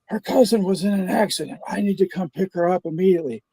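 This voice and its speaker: A man voicing a frantic, jealous prank caller with a strained, raspy, high voice. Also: fast, warm tone, no echo, heavily acted.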